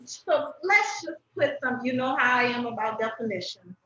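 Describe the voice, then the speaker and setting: A woman hosting a podcast, asking probing questions in a playful, expressive way. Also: fairly high pitch, moderate pace, a little hiss or hum. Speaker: podcast host. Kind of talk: casual conversation. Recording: roomy, distant, dull sound.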